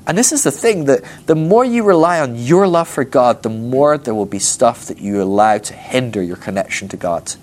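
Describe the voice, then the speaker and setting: Animated, joking man teaching. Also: medium pitch, moderate pace, few pauses. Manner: jokey, animated, acts out voices of Bible characters. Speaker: preacher teaching a ministry school class. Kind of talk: casual humorous Bible teaching.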